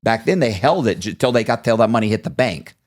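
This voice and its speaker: A man with a somewhat low voice holds forth as an interview guest. He tells his story in long runs and acts out the voices of the people he quotes. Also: animated, fast talker.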